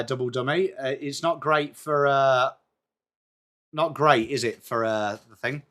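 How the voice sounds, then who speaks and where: A man's voice: a little high, animated, a little slow, pauses often, a bit bright. A man with an English accent hosting a casual live sports watchalong stream, chatting and greeting viewers by name. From England.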